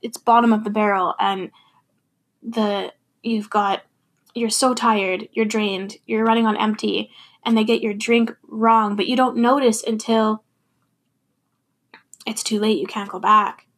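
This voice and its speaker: Husky-voiced woman reflecting candidly. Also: medium pitch, fairly even intonation, a little slow, long pauses. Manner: candid, thoughtful, laughs now and then. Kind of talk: personal reflective monologue.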